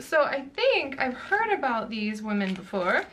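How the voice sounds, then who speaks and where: A young adult woman chatting casually through a book box unboxing, gushing and quick to exclaim over each item. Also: high voice, very animated, a bit bright.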